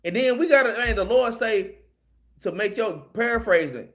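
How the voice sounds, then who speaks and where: A man's voice: high voice, moderate pace, fairly bright tone. A man teaching a casual Bible study, plain-spoken and loose, often ending his phrases with "man" and letting slip some mild swearing.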